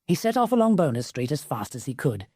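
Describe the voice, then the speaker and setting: A woman reads the story in a lower register with a lively, bouncing delivery. She shifts her voice to play each character. The sound is close and dry, with no room around it. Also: fast, husky, dry recording. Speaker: audiobook narrator. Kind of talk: scripted narration.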